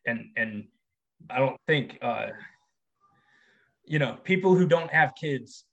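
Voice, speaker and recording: A man's voice: medium pitch, animated, takes it slowly, vocal fry, highs cut off. Young man, laid-back, casual, laughs a lot, new dad. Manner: laid-back, laughs often, says "dude". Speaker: podcast co-host, father of a baby son. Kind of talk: casual chat.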